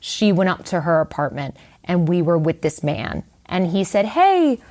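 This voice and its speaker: A woman's voice: on the low side, normal speed, a little mellow. A middle-aged woman, a writer, telling a personal story in an interview in a candid, conversational way with many fillers and asides. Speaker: guest writer.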